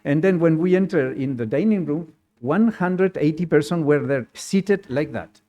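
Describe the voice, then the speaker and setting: A man telling a lively personal story in halting, non-native English with small grammar slips, often laughing as he goes. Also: a little high. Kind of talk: personal anecdote in conversation.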